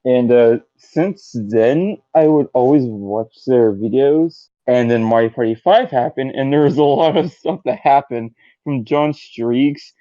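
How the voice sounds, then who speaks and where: A man's voice: mid-range voice, unhurried, hardly any pauses, dark tone, no echo. A young man chatting on a group podcast, hesitant and full of fillers. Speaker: podcast co-host. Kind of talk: casual group chat. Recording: muffled lo-fi mic.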